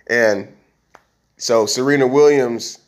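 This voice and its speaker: Talking slowly at a medium pitch, this man hosts a podcast by himself. His casual monologue meanders conversationally, full of fillers and frequent restarts.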